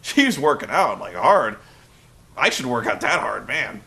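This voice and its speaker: A young man hosting a casual recap, rambling and animated, breaking into loud shouted impressions. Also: medium pitch, a little slow, creaky. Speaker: web show host. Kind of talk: casual wrestling recap rant.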